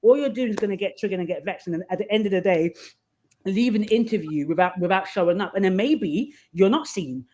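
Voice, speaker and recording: Fast-talking woman guest, candid and animated. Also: medium pitch. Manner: animated storyteller acting out quoted voices. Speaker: podcast guest. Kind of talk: candid conversational advice.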